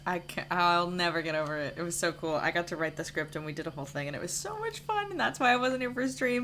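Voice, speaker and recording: A woman's voice: lowish voice, gravelly, fairly bright tone, a little hiss or hum. A woman streaming a video game live, chatting casually and a little tired, with a rambling way of talking full of fillers and restarts. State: tired, yawning. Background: faint buzzing of lights.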